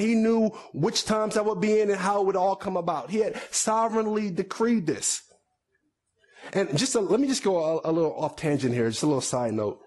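Man in the pulpit, somewhat high voice, chatty sermon with side notes. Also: darkish tone. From United States. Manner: conversational preaching with repetitions and asides. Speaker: pastor.

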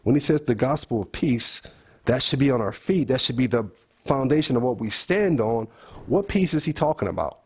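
A man's voice: mid-range voice, lively intonation, normal speed, a little mellow, husky. A man leading a bible study group, thinking aloud and putting questions to the group.

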